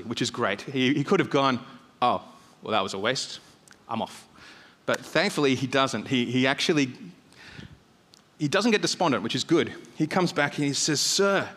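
Male preacher, fairly high voice, storytelling sermon, lively emphasis, long hall reverb. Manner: storytelling, animated, rising on emphasis. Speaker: pastor. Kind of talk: conversational sermon.

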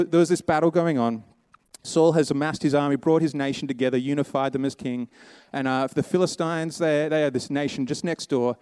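A man's voice: on the high side, darkish tone, smooth, no echo. A man preaching a sermon, telling a Bible story in a casual, conversational way and voicing the characters' lines.

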